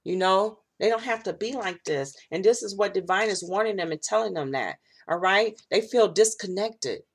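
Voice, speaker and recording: A woman's voice: mid-range voice, moderate pace, slightly rough. A woman doing a casual tarot reading for her viewers, blunt and profane, checking in constantly with "all right?" and "okay?". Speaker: tarot reader.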